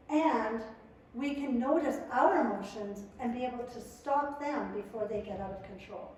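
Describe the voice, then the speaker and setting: A woman presenting to a live audience in a lively, conversational way, acting out quotes as she goes. Her voice sits a touch high. She is caught from a distance in a very echoey room with a faint hiss behind her. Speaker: family skills workshop presenter. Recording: echoey room, mic far off.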